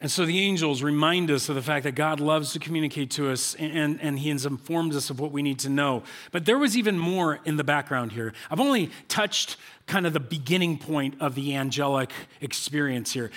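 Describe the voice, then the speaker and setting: A male pastor giving a conversational sermon in a church, animated and full of rhetorical questions and repeated phrases. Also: a little high, moderate pace, hardly any pauses.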